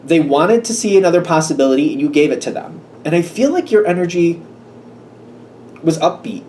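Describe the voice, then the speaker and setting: This tarot reader's voice is a little high, sing-song, slightly fast and somewhat mellow. He gives a laid-back reading, musing and hesitant with plenty of ums and restarts, recorded on a somewhat distant mic with a faint hum of room noise.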